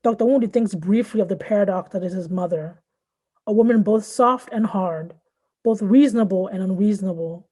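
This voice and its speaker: A woman from Nigeria and Southern California reading her own fiction aloud in a measured, even way. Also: mid-range voice. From born in Nigeria, raised in Southern California. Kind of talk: literary reading.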